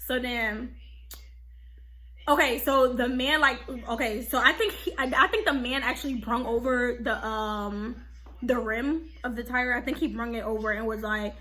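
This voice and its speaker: A young woman vlogger telling a casual storytime, animated and slangy, full of "like" and "okay?". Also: sits high, normal speed.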